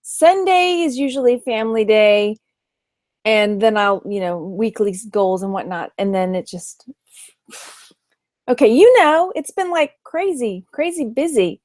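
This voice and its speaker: A woman's voice: on the high side, expressive, measured pace, darkish tone, dry recording, studio quality. A woman with a Texan accent chatting casually on a late-night live stream, tired and greeting viewers by name as she goes. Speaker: online reseller doing a live stream.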